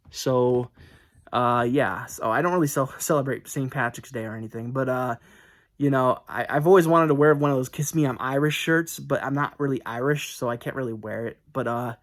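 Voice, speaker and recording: A young man chatting casually to camera about his book mail, rambling and correcting himself with lots of fillers. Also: medium pitch. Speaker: book collector showing book mail.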